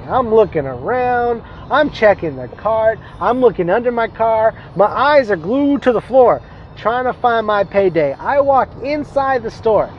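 A young man telling stories in a casual vlog, animated, profane and exasperated as he rants. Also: high-pitched, measured pace, muffled recording, slight background noise.

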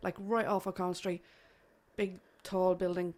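A woman from Ireland with an Irish accent, hosting a casual chat and telling stories quickly with frequent laughter. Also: lowish voice, little pitch movement, darkish tone. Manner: chatty, laughing, quick storytelling. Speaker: host.

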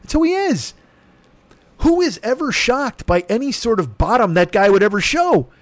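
A man's voice: sing-song, moderate pace, no room sound. Heated, profane man ranting. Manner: heated, profane, sweeping swings in pitch. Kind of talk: profane comedic political rant.

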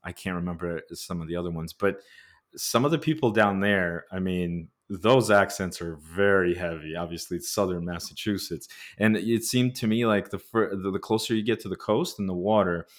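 A man's voice: sits low, moderate pace. A man born in the Soviet Union, hosting a podcast interview, speaking with frequent restarts and fillers. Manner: hesitant, many restarts and fillers. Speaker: podcast host.

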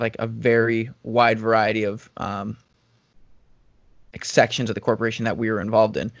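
A man's voice: mid-range voice, no echo. Young man, casual chat, dry dull audio. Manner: relaxed, rambling, many fillers. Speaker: professional runner, podcast co-host.

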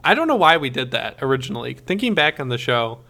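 A man's voice: mid-range voice, big pitch swings, fast talker, vocal fry, pushed and bright. A man co-hosting a podcast, chatting casually, swearing and laughing easily. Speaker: podcast co-host. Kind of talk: casual chat.

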